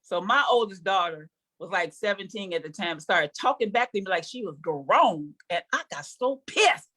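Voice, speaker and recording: A woman's voice: mid-range voice, expressive, normal speed, pushed and bright. An older woman performing a sassy, conversational stand-up comedy set on stage before a live audience, teasing the crowd.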